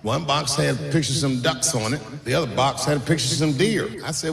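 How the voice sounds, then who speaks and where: Man, stand-up comedian, animated storytelling, gravelly edge, roomy live venue with crowd. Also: mid-range voice. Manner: storytelling with acted-out voices, drawn-out punchlines. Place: comedy stage before a live audience. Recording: echoey live venue with audience.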